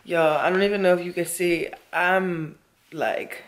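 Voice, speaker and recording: A woman's voice: on the low side, fairly even intonation, a little slow. A worn-out woman talking casually to her camera in a chatty, emphatic way, often speaking straight to her viewers. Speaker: vlogger.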